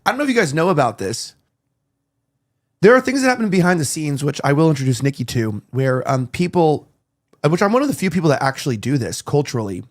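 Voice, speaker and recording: A man's voice: on the high side, big pitch swings, quick pace. Rambling man telling stories. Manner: rambling storyteller, acting out quoted dialogue. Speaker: podcast host. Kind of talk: casual chat.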